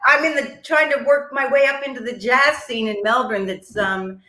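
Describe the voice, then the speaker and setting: A woman's voice: on the high side, normal speed, sharp tone, reverberant. A woman singer-songwriter and author, chatting as a podcast guest in a self-deprecating way and laughing often. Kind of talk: casual interview chat. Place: lives in Melbourne.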